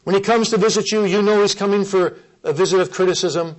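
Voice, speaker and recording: A man with a fairly high-pitched voice delivers a sermon. He speaks earnestly and emphatically, repeating key phrases and slowing down on the ones he wants to land. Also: fairly even intonation, low-quality recording. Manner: earnest, emphatic repetition with slow stressed phrases. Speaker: preacher.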